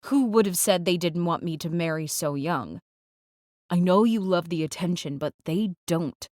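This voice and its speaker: A woman reads a first-person audiobook in a measured, clipped way with tension under the lines. Her voice is on the lower side. The sound is close and dry, with no room echo. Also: darkish tone. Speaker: audiobook narrator. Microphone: close studio mic.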